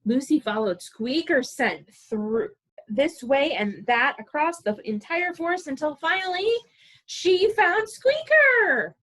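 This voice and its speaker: A woman librarian reading a picture book aloud to preschoolers, animated and playful, asking the children questions as she goes. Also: high voice, measured pace, poor audio.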